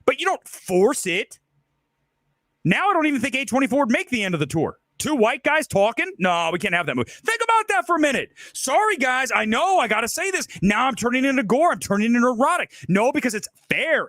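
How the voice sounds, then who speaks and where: Ranting middle-aged man, film commentary host, high lively voice, dry close sound. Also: brisk, dry recording. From Ohio. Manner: heated, emphatic, repeats rhetorical questions. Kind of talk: ranting monologue.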